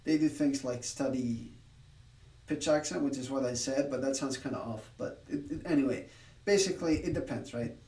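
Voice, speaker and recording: A man streaming his study session, explaining his thoughts in a halting, self-correcting way. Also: medium pitch, a little mellow, echoey room, far from the mic. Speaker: streamer learning a language.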